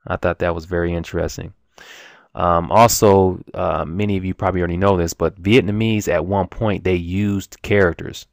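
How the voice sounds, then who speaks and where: Man, low gravelly voice, dry close sound, rambling casual language lesson. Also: steady tone, no room sound. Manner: rambling, halting, many restarts and fillers. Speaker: language teacher.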